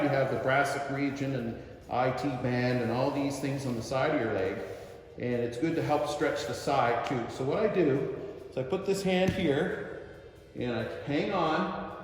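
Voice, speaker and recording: Guy walking you through karate stretches, calm and steady, big echo, long hall reverb. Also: medium pitch. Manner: calm step-by-step coaching, counts slowly while holding a stretch. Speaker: karate instructor. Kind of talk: instructional demonstration. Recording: very echoey long-reverb room.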